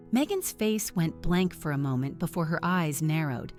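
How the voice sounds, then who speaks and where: A woman telling a first-person drama story with a steady, dramatic delivery. Her voice sits on the low side, with faint background music. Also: moderate pace, hardly any pauses. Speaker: story narrator.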